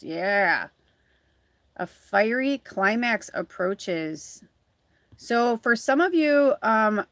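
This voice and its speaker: A woman's voice: medium pitch, no echo. A woman doing a live tarot reading, chatty and rambling as she thinks aloud, then earnest and encouraging. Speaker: tarot reader and spiritual medium. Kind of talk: casual live-stream card reading.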